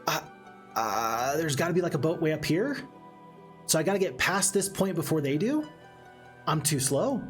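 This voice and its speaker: A man's voice: fairly high pitch, moderate pace, long pauses. Chatty man streaming a strategy game. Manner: chatty, animated, reads chat aloud. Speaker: gaming streamer. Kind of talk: casual let's-play commentary. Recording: faint game music behind.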